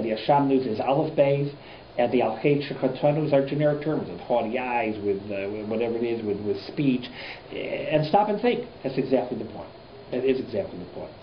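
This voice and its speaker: A man teaching a rabbi's class to students, lively and full of rhetorical questions. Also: medium pitch, moderate pace, slight background noise. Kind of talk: informal Torah lecture. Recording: echoey room, dull lo-fi sound.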